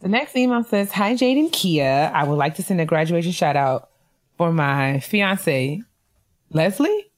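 A woman's voice: fairly low pitch, lively intonation, a little slow. A woman co-hosting a casual podcast, reading listener emails and congratulating graduates with easy laughter. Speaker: podcast co-host.

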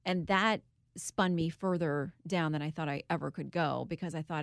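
A woman's voice: sits low, normal speed, vocal fry, dry recording, clean studio sound. A woman guest in an interview, telling a personal story in an earnest, candid way with occasional laughs. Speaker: guest, author and TV host.

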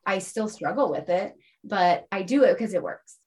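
A woman guest in a casual podcast interview, telling stories in an animated way and often tagging her points with "right?". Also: mid-range voice, normal speed.

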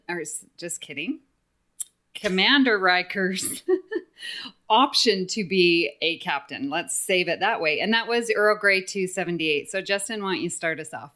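A woman's voice: lowish voice, animated, measured pace, pushed and bright. Upbeat woman hosting a podcast. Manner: upbeat, laughs often, reads listener mail. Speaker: podcast host. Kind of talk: casual podcast chat.

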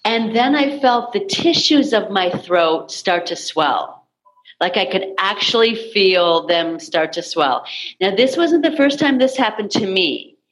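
Woman, podcast host, unhurried delivery, earnest, heartfelt, mid pitch. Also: lively intonation, poor audio. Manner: slow, earnest, emotional. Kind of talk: spiritual podcast conversation.

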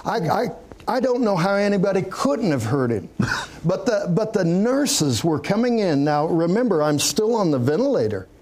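A man's voice: high-pitched, sing-song, moderate pace, a little mellow. A man, a pastor, giving an earnest personal testimony in an interview, chuckling now and then as he tells it. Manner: earnest storytelling, chuckling as he speaks.

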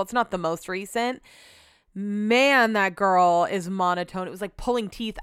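A woman's voice: medium pitch, fairly bright tone, clear, resonant tone, no echo, clean studio sound. A woman hosting a casual solo podcast from home, talking candidly and chattily with lots of filler words. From Sacramento area, US. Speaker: podcast host.

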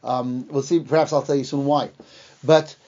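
A man teaching a lesson on the Bible, retelling the story in a lively way and acting out the lines he quotes, with some fillers and restarts. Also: medium pitch, normal speed. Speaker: Torah teacher. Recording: dull lo-fi recording.

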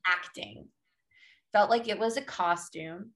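A woman's voice: mid-range voice, slow pace, gravelly, fairly bright tone. Emphatic woman, motivational, casual chat, young adult. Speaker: podcast guest, fitness coach.

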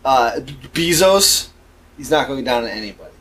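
A man's voice: medium pitch, animated, moderate pace, fairly bright tone, slight background noise. A man co-hosting a podcast, swearing freely and laughing often in crude casual banter. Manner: profane, emphatic, laughs often. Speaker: podcast co-host.

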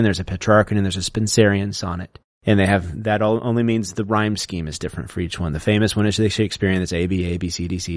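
A man co-hosting a podcast, explaining poetic meter in a lecturing way and reciting lines slowly to show the stresses. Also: low-pitched, no echo, studio quality. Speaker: podcast co-host explaining poetry. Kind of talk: casual explanatory chat.

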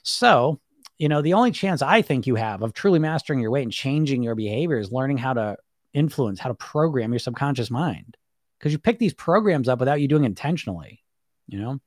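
A man coaching weight loss on a live stream, talking rapidly and bluntly, swearing casually and tagging his points with "right?" and "you know?". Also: medium pitch, animated, dry recording, studio quality. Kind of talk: live-stream monologue to viewers.

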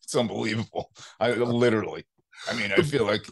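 A man's voice: fairly low pitch, fairly quick. A man co-hosting a sports talk show, joking easily and laughing often as he acts out little scenes at home. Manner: jokey, laughs often, acts out his wife's lines. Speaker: co-host. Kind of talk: casual sports podcast banter.

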